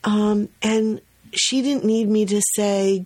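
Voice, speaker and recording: A woman's voice: medium pitch, slow pace. A woman hosting a podcast in casual chat, telling a story with lots of laughs and acting out the quotes. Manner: lively storyteller, acts out quotes, laughs often. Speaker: podcast host.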